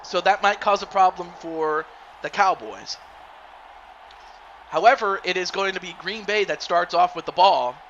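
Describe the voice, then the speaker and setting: A man's voice: sits high, unhurried, fairly bright tone, muffled recording, slight background noise. A man streaming and commentating a football video game league, casually rambling and greeting viewers by name.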